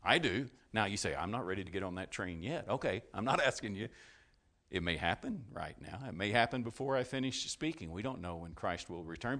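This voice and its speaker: A male preacher delivering a sermon, asking his congregation questions, then swelling to loud, fervent climaxes before dropping low and quiet. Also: lively intonation, a little fast. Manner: asks the congregation questions and answers them.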